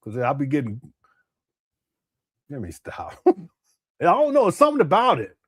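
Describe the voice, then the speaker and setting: A man's voice: fairly high pitch, huge pitch swings, moderate pace, slightly rough, no room sound, clean studio sound. A man giving casual live commentary over a video he is watching, laughing and making mocking asides. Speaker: livestream commentator.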